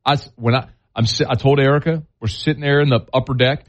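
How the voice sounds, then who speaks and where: A man's voice: medium pitch, fairly even intonation, quick pace. A man hosting a sports radio show, talking bluntly with folksy, scolding opinions. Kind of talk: opinionated sports talk and live-read ads.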